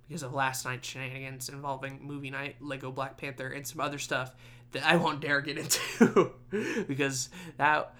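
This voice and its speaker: A young man talks to his viewers in a loose, rambling way, peppering his speech with fillers and dry grumbles. His voice sits at a middling pitch but sounds bright and forward. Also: a little hiss or hum. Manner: rambling and chatty, with frequent fillers and wry grumbling. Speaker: vlogger. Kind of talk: casual chat.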